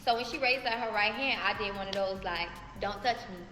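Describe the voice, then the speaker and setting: A young adult woman telling a story to her viewers in an animated, casual way, speaking straight to them. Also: medium pitch, fairly quick, over music. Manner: animated, addresses viewers as y'all. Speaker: storytime vlogger. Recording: echoey room with long reverb.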